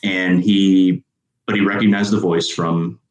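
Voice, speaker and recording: A man from Chicago with a very deep voice hosts a podcast in easy, rambling chat. His voice carries a noticeable echo from the room. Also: level tone, unhurried. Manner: rambling, many fillers and restarts. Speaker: podcast host.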